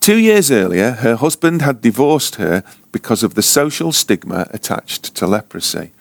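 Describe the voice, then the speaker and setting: A man preaching at a ministry school, telling a story slowly and dramatically, often sinking to a hushed near-whisper. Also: mid-range voice, sing-song, gravelly, no echo. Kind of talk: sermon storytelling.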